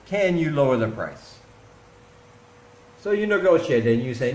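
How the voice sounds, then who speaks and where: A man vlogging casually, teaching travel phrases slowly and deliberately, repeating each one several times. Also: mid-range voice, very animated, darkish tone. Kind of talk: casual instructional vlog. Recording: echoey room with faint traffic noise.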